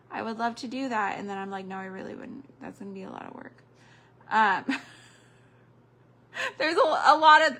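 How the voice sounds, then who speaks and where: A woman's voice: mid-range voice, vocal fry, a bit bright, slight background noise. An older woman, chatting casually while crafting and counting beads under her breath on a livestream.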